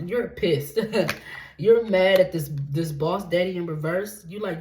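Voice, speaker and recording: In an echoey room full of steady background noise, a woman reads tarot in an unhurried, lowish voice. She's blunt and swears freely, and she keeps checking in with "okay?" after nearly each point.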